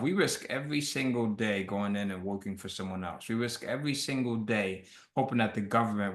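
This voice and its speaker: A man's voice: lowish voice, fairly bright tone, reverberant. A man hosting a webinar, speaking in a conversational, motivational way and reading out viewer questions. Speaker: webinar host.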